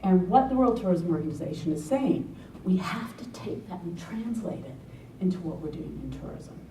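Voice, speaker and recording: A woman's voice: expressive, moderate pace, warm tone. New Zealand woman, wry talk in echoey hall. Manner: wry, sarcastic asides. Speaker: conference presenter. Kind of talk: conference talk. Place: conference hall. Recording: echoey hall from far off, faint rumble.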